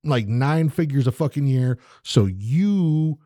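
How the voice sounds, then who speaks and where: Male co-host, mid pitch, dry close mic. Profane, ranting, does mocking impressions. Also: animated, slow pace, warm tone, no echo. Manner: ranting, swears constantly, mimics people. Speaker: podcast co-host. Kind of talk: profane casual chat.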